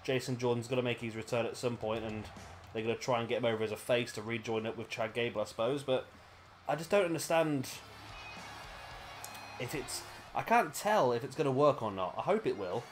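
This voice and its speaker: British guy rambling through wrestling game commentary, keeps fixing his words, soft music under him. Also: mid-range voice, fairly quick. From Britain. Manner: chatty and rambling, with self-corrections. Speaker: gaming commentator. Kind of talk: casual play-by-play commentary.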